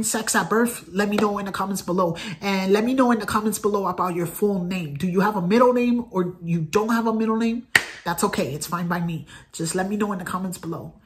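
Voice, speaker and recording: Speaking straight to camera in a loose, sincere ramble, a man in his thirties from the United States keeps circling back to the same phrases. His voice sits high, and the background is noisy.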